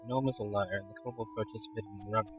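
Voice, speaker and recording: A man with a fairly low voice reads a game's story aloud on his stream. Between passages he thinks out loud, humming and swearing freely. Faint music plays in the background. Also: fairly even intonation, very fast, poor audio. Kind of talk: reading a game aloud and reacting.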